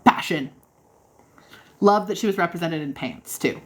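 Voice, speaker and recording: A woman's voice: fairly low pitch, lively intonation, normal speed. A woman hosting a casual livestream, answering viewer questions in a bubbly, encouraging way and laughing often. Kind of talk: casual live chat.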